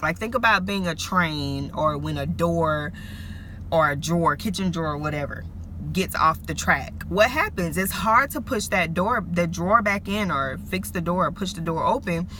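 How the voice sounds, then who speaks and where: A woman's voice: fairly low pitch, bright, forceful tone, slight background noise. A woman in her thirties giving an earnest, emotional faith talk, speaking straight to her viewers. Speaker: vlogger. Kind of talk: faith-based personal talk to camera.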